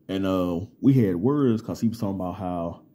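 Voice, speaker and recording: A man's voice: low-pitched, normal speed, dark tone. A man talking casually to camera in a profane, streetwise, lecturing way, telling stories and giving advice. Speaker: vlogger.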